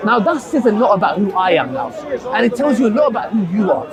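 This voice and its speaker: A man's voice: high-pitched, expressive, fast talker, low-quality recording. A man in a heated street debate, talking passionately and circling back to his point with many restarts. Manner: passionate, repetitive, restarts often. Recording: crowd noise outdoors.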